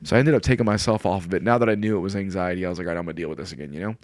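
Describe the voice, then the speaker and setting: A man's voice: deep voice, racing, darkish tone, no echo. A man in his forties, a podcast guest talking in a casual, earnest, rambling way and often quoting himself. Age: 40s. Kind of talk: casual conversation. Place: studio.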